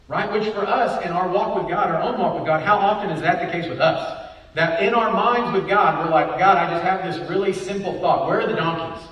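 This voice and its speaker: A man's voice: high-pitched, moderate pace, fairly bright tone, highs cut off. A man preaching a Bible study sermon, often asking rhetorical questions and adding "right?". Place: church hall. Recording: echoey hall, voice from far off.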